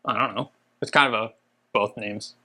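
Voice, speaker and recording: A man's voice: on the low side, fairly even intonation, normal speed, pushed and bright. A young man co-hosting a casual, enthusiastic chat, gushing about what he likes. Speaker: co-host.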